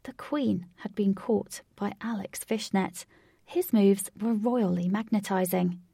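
Woman reading a story aloud, gravelly, warm low tone, dry close sound. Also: measured pace, no room sound. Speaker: narrator. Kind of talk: storybook read-aloud narration.

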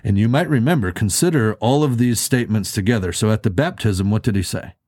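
Male pastor, low mellow voice, dry close sound, earnest conversational sermon delivery. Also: a little fast, dry recording. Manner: earnest, conversational preaching with rhetorical questions.

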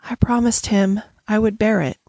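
A woman's voice: mid-range voice, moderate pace, no room sound, studio quality, natural voice. Woman doing a serious, brave little girl. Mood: resolute. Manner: earnest and steady.

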